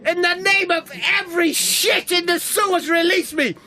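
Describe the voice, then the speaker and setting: A man's voice: extremely high pitch, big pitch swings, moderate pace, creaky, sharp tone, exaggerated voice. A man voicing a panicked, foul-mouthed middle-aged potter in an improvised comedy role-play, melodramatic and swearing. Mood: shrieking in pain.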